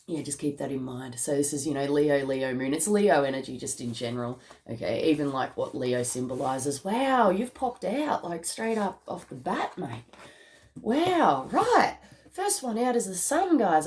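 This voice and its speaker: A woman's voice: fairly low pitch, darkish tone. An Australian woman giving a tarot reading to camera in a rambling, upbeat way, often laughing and calling listeners mate. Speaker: tarot reader.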